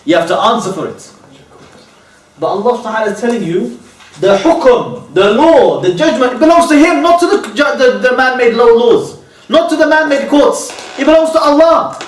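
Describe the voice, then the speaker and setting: Brief: male lecturer with a high voice who restates each point and checks in often, miked from a distance in a roomy space. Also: expressive, moderate pace. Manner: keeps asking "okay?" and rhetorical questions; repeats and restates terms. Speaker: Islamic lecturer. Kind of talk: religious lecture. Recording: echoey room, voice from far off.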